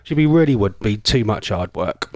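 A man's voice: on the low side, expressive, moderate pace, dry recording. Teasing, chatty radio man. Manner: chatty, teasing, rambling with mock-posh asides. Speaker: radio presenter. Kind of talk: casual chat with listener messages.

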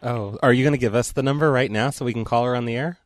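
A man's voice: medium pitch, fast talker. A man hosting a call-in radio show, laid-back and teasing with callers. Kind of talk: casual call-in radio chat.

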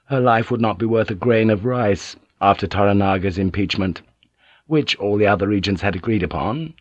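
A man narrating an unabridged audiobook with even, deliberate reading. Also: on the low side, breathy edge, dry recording. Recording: dull, dry audiobook tape.

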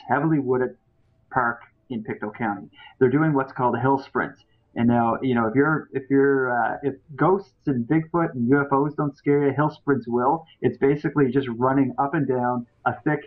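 A man, a podcaster appearing as a guest, telling a story in casual chat with lots of fillers and restarts. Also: mid-range voice. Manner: rambling, many fillers and restarts. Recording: tinny phone-like line.

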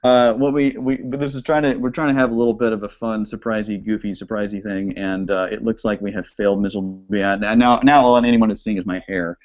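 Man, host, casual live web chat, animated, swears a lot, dull lo-fi stream audio. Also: lowish voice, a little fast, few pauses. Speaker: podcast host.

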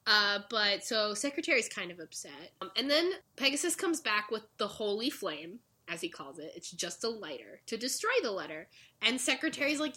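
Young woman, podcast co-host, bright voice that swings widely, acts out lines, laughs a lot. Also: medium pitch, moderate pace. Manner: animated retelling, acts out characters' lines, laughs often. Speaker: podcast co-host recapping a show. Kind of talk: casual chat.

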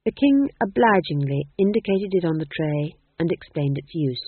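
Husky man narrating, lively. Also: a little high, moderate pace, no room sound. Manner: expressive, wry storytelling. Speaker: audiobook narrator. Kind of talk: scripted narration. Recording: dry, phone-like narrow sound.

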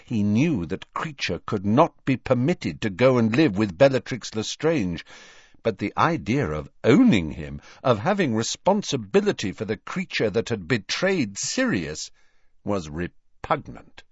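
Male narrator, audiobook, unhurried, expressive, dry, slightly muffled. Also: lowish voice, breathy edge, dry recording.

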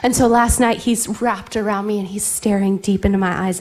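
A woman's voice: mid-range voice, moderate pace, hardly any pauses. A woman in her thirties preaching a sermon, telling playful family stories and dropping into whispers for effect. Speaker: pastor.

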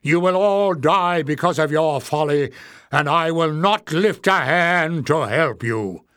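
Man voicing a shrieking spiteful leader, loud, sneering, dry close recording. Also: on the high side, slow, clear, resonant tone, no room sound, pitched above the performer's own voice. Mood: furious. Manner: sneering, hissing.

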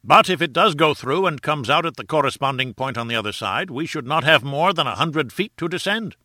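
A man's voice: on the high side, lively intonation, fairly quick, bright, forceful tone, no room sound, clean studio sound, voice pushed up. A man voicing a stately, commanding elderly professor who declaims his words emphatically. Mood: confident.

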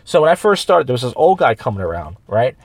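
A man's voice: mid-range voice, very animated, fast, no room sound. A man who hosts a podcast and does open mic comedy, telling long stories in casual chat full of restarts and quoted voices. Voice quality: rambling storyteller with many restarts and quoted voices. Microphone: studio microphone.

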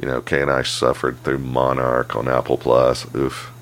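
Very deep gravelly-voiced man. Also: normal speed. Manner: profane, animated storytelling. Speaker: podcast co-host. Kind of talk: casual chat.

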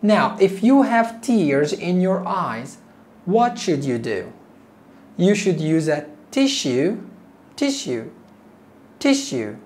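Woman teaching english real slow, repeats each word, lots of ups and downs. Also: lowish voice, sing-song, darkish tone. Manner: repeats words slowly for learners; teacherly, asks learners questions. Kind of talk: slow, deliberate ESL lesson.

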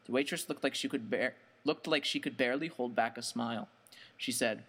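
A man's voice: mid-range voice, fairly quick, fairly bright tone. Man narrating a horror story.

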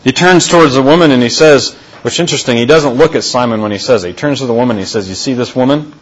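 Guy pastor giving a sermon, kinda husky, slow and deliberate, says the big points twice. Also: medium pitch, highs cut off. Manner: deliberate, repeats key phrases for emphasis.

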